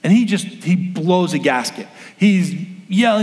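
A male pastor delivers a sermon with a slightly higher voice than most men. He tells stories and acts out the people in them. The sound rings with the long reverb of a large hall. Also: lively intonation, a little slow, few pauses, a little mellow. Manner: storytelling, acts out quoted voices.

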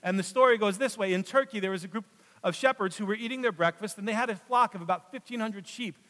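Male preacher with a high voice, sermon delivery that rises to emphasis and falls to a hush, long church reverb. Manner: swings between loud emphatic passages and hushed, slow drops. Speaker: pastor. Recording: long reverb of a large hall.

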